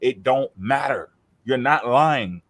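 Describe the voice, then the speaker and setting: Brief: male podcast co-host, casual and profane, lively storyteller who plays out quotes. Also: medium pitch, takes it slowly. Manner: animated, profane, acts out quoted voices. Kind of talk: casual chat.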